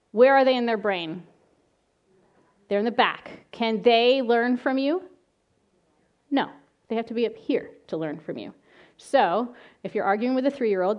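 A middle-aged woman giving a talk on calming angry children, telling lively stories from her own family and work, often laughing and acting out the children's voices. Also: fairly high pitch, highs cut off. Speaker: child behavior specialist giving a parenting talk. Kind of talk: presentation with slides.

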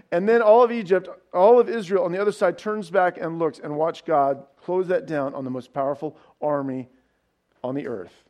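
High-voiced man preaching a sermon. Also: moderate pace, lo-fi sound. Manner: storytelling preacher, casual asides and rhetorical questions. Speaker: pastor.

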